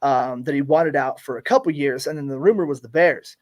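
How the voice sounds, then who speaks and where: A man's voice: mid-range voice, fairly quick. A man co-hosting a casual sports podcast, laid-back and explanatory, with lots of ums. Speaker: podcast co-host.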